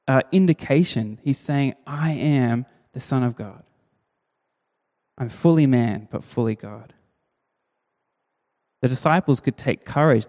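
Preaching a sermon, a man keeps things relaxed and conversational, stressing key words and putting rhetorical questions to the audience. A long reverb follows his mid-pitched voice through the big hall.

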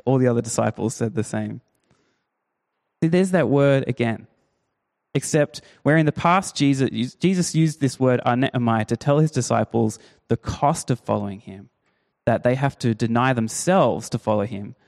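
A man preaching a sermon, telling the story with lively, acted-out quotes. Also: medium pitch, moderate pace, creaky. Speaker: pastor.

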